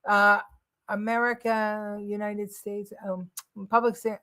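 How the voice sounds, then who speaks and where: A woman hosts a live news talk program in a blunt, heated way, pausing often on ums and uhs as she works through her points. Her voice sits at an ordinary middle pitch for a woman. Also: little pitch movement, pushed and bright. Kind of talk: opinionated live commentary.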